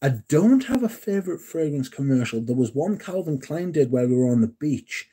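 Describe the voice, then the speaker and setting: A man with a fairly high, husky voice and a dark tone talks at a normal speed, very animated. He's hosting a casual livestream, reading comments and trading sweary jokes with his chat.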